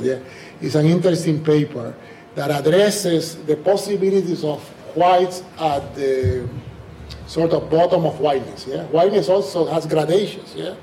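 A man with a Spanish-speaking accent answers a lecture question and acts out bits of dialogue with lively energy. His voice sits a little high. The mic picks him up from a distance in an echoey hall with faint noise. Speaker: guest speaker.

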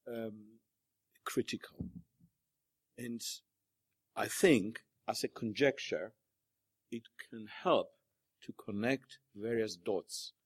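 A man's voice: medium pitch, slightly rough, no room sound. A man giving an academic presentation at a panel, hesitant with many fillers and restarts. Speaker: panel speaker.

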